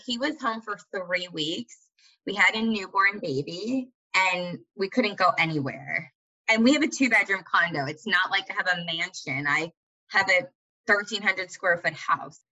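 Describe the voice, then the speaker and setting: Young woman guest, casual and dramatic, bright and forceful, muffled lo-fi recording. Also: medium pitch, lively intonation, moderate pace. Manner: candid, dramatic and self-mocking. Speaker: podcast guest. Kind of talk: casual chat.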